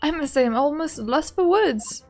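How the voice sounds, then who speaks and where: A woman voicing a nervous young male lawyer who talks in a flustered, hurried way while playing a game. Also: sits high, expressive, darkish tone, soft background music. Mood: earnest.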